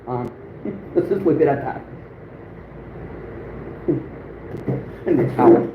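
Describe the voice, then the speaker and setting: A man's voice: medium pitch, animated, takes it slowly. A man in his thirties chatting casually on a livestream, rambling and chuckling often between thoughts. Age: 30s. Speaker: outdoors livestream host. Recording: phone-like echoey room with faint noise.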